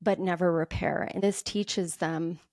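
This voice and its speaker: A woman hosting a solo parenting podcast, explaining calmly and acting out what a parent might say. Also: fairly low pitch, a little slow, no room sound, clean studio sound. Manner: calm, explanatory, acts out parent quotes. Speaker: podcast host.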